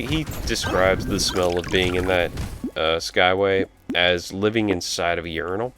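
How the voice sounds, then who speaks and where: Low-voiced man rambling over gameplay. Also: vocal fry, background noise. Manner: rambling, breaks off stories to react to the game. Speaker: let's play commentator. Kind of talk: casual storytelling over gameplay.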